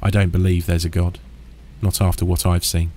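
Guy doing a creepy calm little girl, low and flat, horror narration. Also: normal speed, slight background noise, close to an everyday voice. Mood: eerie calm. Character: eerily calm young girl who knows too much.

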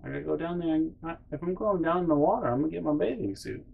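A man doing a deadpan unbothered old dad. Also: fairly high pitch, fast, gravelly, breathy edge, narrow, tinny audio, pitched above the performer's own voice, full character voice. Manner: deadpan, mumbled. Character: unbothered deadpan older father.

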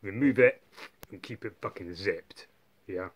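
Sweary low-voiced man rambling. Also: a little slow, husky. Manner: rambling, heavy swearing, many fillers and tag questions. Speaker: vlogger. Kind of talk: casual monologue.

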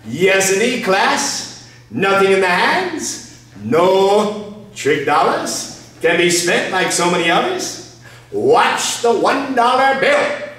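A man teaching magic tricks to viewers, with showman patter and dramatic pauses. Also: high-pitched, pushed and bright. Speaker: magician and juggler. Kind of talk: theatrical magic lesson for viewers. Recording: echoey room, distant from mic.

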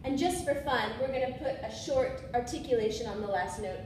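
In an echoey room with a board, a distant mic picks up a woman coaching musicians on swing phrasing, singing syllables to show it and correcting herself along the way. Her fairly high voice is brisk and darkish, with a faint hiss or hum underneath.

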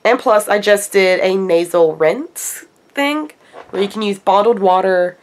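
A woman vlogging casually from home, her voice raspy and stuffed up from congestion, chatting in a rambling way with lots of fillers. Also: mid-range voice, unhurried. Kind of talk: casual daily vlog.

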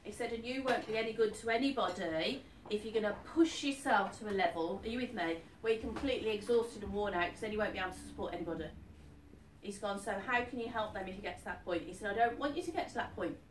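A woman's voice: medium pitch, quick pace. A woman working as a psychic medium, giving a chatty live reading to an audience and often asking if they follow. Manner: chatty, keeps asking "are you with me?". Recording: echoey room, distant mic, faint noise.

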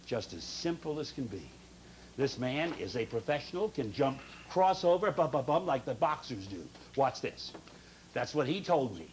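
A man hosting a children's TV show, leading the kids in games with teasing jokes and quick asides. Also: medium pitch, very animated, a little hiss or hum. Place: TV studio with children.

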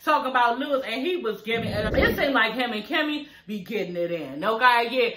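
A woman recaps a reality TV episode in chatty, profane style, laughing often and calling her viewers y'all. Her fairly high voice is expressive and brisk, captured with a roomy sound and a noisy background.

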